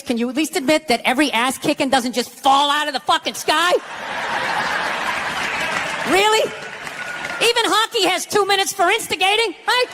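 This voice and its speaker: A middle-aged American man on a comedy stage, ranting with sharp sarcasm and plenty of profanity. His voice sits high and strained for a man. A loud live crowd and steady noise fill the recording. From United States. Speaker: stand-up comedian. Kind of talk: stand-up routine.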